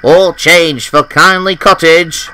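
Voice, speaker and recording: A man's voice: a little high, takes it slowly, slight background noise, voice pushed up, exaggerated voice, poor audio. A man voicing an eager little tank engine. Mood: excited. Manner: bright, excitable, sometimes huffy. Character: eager cheerful young male tank engine. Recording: festive music with jingle bells behind.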